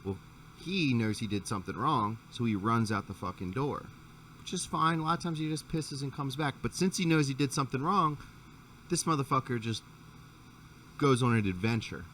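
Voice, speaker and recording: A man's voice: mid-range voice, animated, normal speed, a bit bright, far from the mic, a little hiss or hum. A man hosting a podcast and telling a long, profane story in casual chat, with frequent restarts. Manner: profane, rambling anecdote with restarts. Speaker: podcast host.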